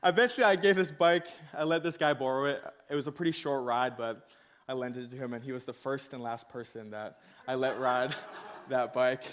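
A young pastor with a mid-range voice preaches at a moderate pace in a casual, storytelling style. He laughs at himself, mocks himself, and acts out the voices of the people in his story.

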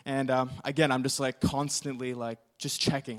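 A man's voice: medium pitch, little pitch movement, brisk. A young male pastor preaching a sermon, telling a story in a casual, rambling way full of fillers.

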